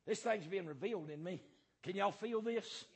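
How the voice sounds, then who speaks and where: A man preaching a fiery sermon as pastor, hammering points through repetition and filling pauses with "uh" and "um". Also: sits high, vocal fry, breathy edge.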